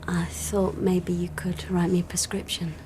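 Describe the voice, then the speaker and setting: An actress playing a weary, hesitant wife. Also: female voice, on the low side, level tone, moderate pace, dark tone, slight background noise, lightly acted. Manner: hesitant, sighing, wry. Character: weary insomniac woman, soldier's wife. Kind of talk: TV drama acting.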